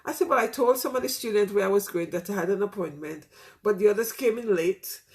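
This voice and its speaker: A woman's voice: medium pitch, fast talker, a little mellow. A middle-aged woman, a teacher, talking candidly and from the heart to her listeners in a casual reflective monologue, with many "you know" fillers.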